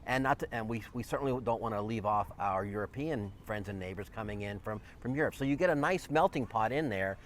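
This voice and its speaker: A man's voice: fairly low pitch, fairly quick, few pauses, a little hiss or hum. A man hosting a real estate video, talking emphatically to the viewer and checking in with "okay?" after his points. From lived in northeast Georgia. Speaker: real estate agent and channel host. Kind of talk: casual chat to camera.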